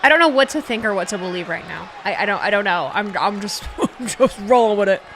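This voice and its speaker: A woman's voice: medium pitch, lively intonation, a little fast, a bit bright, some chatter behind, slight background noise. A woman streamer hosting a live watch party, anxious and chatty, swearing freely as she reacts.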